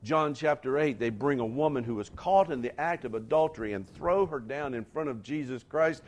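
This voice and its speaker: A man's voice: mid-range voice, normal speed. Man preaching a sermon, emphatic. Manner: rising to emphatic near-shouts on key lines; addresses the congregation directly, conversational asides. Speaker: pastor.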